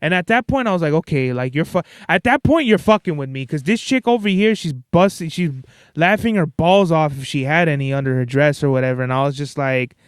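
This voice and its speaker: Podcast host, male, swears constantly in casual slang, clear voice with a dry, close sound. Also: a little high, a little fast, dry recording. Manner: profane, slangy, rambling storytelling. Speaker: podcast host and stage performer. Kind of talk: casual solo monologue.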